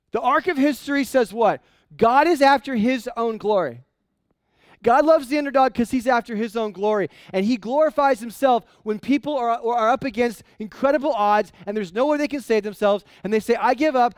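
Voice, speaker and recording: High-voiced, animated male preacher. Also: a little fast, smooth, dry recording. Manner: animated, conversational, with frequent restarts. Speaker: pastor. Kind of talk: sermon.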